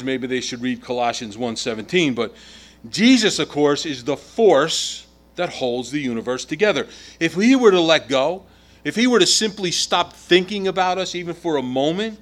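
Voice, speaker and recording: Middle-aged guy preaching, bit high voice, gets loud then drops soft. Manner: emphatic preaching with rising and falling volume. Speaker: pastor. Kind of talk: sermon.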